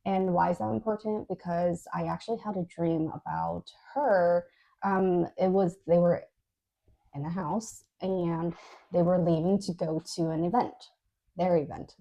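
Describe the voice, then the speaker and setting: A woman's voice: on the low side, steady tone, normal speed, vocal fry, dull audio. A woman co-hosting a podcast, recounting a dream in a chatty, casual way with lots of fillers. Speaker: podcast co-host. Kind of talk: casual storytelling.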